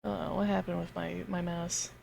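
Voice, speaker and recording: A woman streaming a game live, chatting casually to her viewers, giggling and swearing as she gets excited. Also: on the low side, moderate pace, vocal fry.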